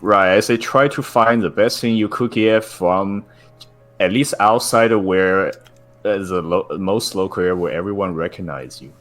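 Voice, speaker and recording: A man with a very low voice co-hosting a casual live stream. He reads out viewer messages and adds his own thoughts, pausing and searching for words as he goes. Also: soft background music. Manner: hesitant, halting, searching for words. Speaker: co-host reading chat donations.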